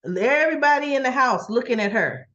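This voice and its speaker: On a muffled recording, a woman speaks a little fast in a high voice while reviewing a soap opera episode conversationally. As an animated storyteller she acts out what the characters say, often breaking into teasing, disbelieving laughter.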